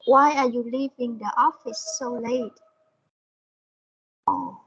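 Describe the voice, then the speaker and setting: A woman's voice: a little high, wildly swooping pitch, slow pace, a bit bright, husky, muffled recording. A woman with a Vietnamese accent, a student in an English lesson, reading her answers aloud hesitantly and carefully repeating words after her teacher.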